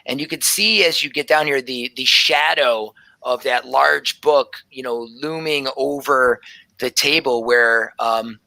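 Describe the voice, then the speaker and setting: A man's voice: mid-range voice, a little slow, creaky, pushed and bright, dry recording, rough recording. A man narrating as game master of a tabletop game, describing scenes loosely with many fillers.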